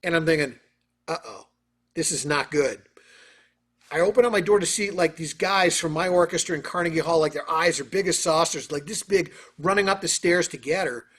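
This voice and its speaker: A man, a guest on an interview, telling stories and answering questions in an animated, casual way over a video call. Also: a little high, a little fast, hardly any pauses. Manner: animated, lots of fillers. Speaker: orchestra trumpeter, interview guest. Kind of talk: casual storytelling.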